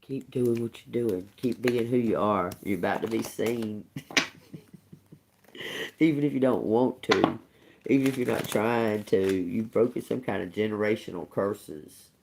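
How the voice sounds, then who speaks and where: There's a noisy backdrop as a woman with a rumbling low, vocal-fry voice gives a casual tarot reading on her livestream at a measured pace. Emphatic and quick to laugh, she drops casual curses and repeats phrases for emphasis.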